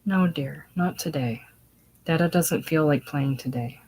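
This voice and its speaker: A woman reading aloud the part of a despondent young farmer, speaking softly and gently in a solo play reading. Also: deep voice, moderate pace, close to an everyday voice. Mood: gloomy gentle.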